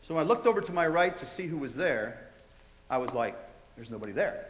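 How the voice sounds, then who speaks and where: A man giving a testimony to students, telling it in an animated way and acting out his own reactions. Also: a little high, a little fast, a little hiss or hum. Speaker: guest speaker sharing a testimony. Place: large college hall. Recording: echoey hall.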